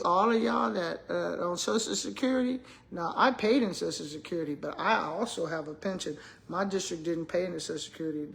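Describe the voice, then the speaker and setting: A retired school principal from the American South, now an older vlogger, chats loosely and directly to her viewers, calling them y'all. Her slightly low voice has vocal fry, and she tells animated stories with frequent laughter over a little hiss or hum.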